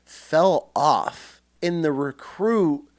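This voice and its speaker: A man from central Washington who served as a Marine, telling stories on a podcast in a casual, animated way and acting scenes out loudly. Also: a little high, drawn-out words. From central Washington, USA. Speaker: podcast guest, Marine veteran. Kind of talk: casual storytelling.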